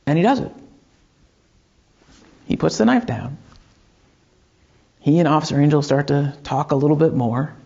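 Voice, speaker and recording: A man's voice: fairly high pitch, animated, normal speed, creaky, pauses often, darkish tone, husky, lo-fi sound. A man preaching a sermon as pastor, telling a story in a loose conversational way with frequent fillers and restarts.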